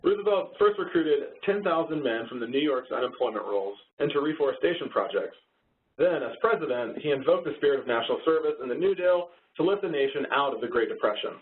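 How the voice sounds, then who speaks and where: A man's voice: a little high, animated, quick pace. Easygoing man, tinny line. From Texas. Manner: easygoing, laughs along at jokes. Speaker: webinar co-host. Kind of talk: casual webinar presentation. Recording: tinny phone-like webinar audio.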